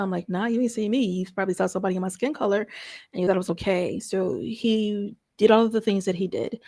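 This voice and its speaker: A middle-aged woman from the Chicago area, hosting and telling a personal story in a conversational way, jumping from loud exclamations to hushed asides. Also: medium pitch, brisk, no room sound, clean studio sound. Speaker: host.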